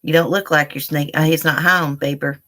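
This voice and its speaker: A woman hosts a casual live stream from her home, rambling from one story to the next and calling her viewers y'all. Her voice sits low, and her tone has a bright, forceful edge. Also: steady tone, normal speed. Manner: chatty, rambling, addresses chat as y'all. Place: indoors at home.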